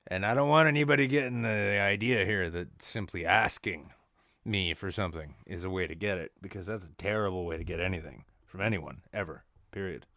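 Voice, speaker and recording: A man with a fairly low voice rambles through an improvised comedy bit in a mock-serious tone, restarting his sentences and piling on filler words. The sound is dry and close, with no room behind him. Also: a little fast, sharp tone, dry recording. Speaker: podcast co-host.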